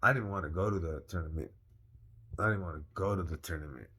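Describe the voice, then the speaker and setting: A young man casually telling a personal story, animated and slangy, repeating phrases for emphasis. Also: deep voice, fast, breathy edge. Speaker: vlogger.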